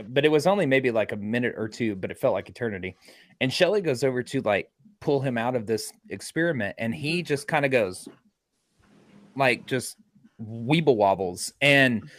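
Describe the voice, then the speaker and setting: A man's voice: mid-range voice, no room sound, clean studio sound. A man who is a paranormal investigator, telling a detailed story in a group interview and restarting his sentences often.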